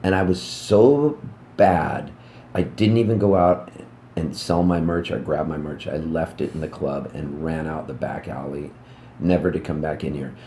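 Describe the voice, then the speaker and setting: A man in his fifties, a musician, telling rambling, animated anecdotes in a casual interview backstage at a music club. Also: a bass voice, normal speed, echoey room, slight background noise. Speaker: musician guest.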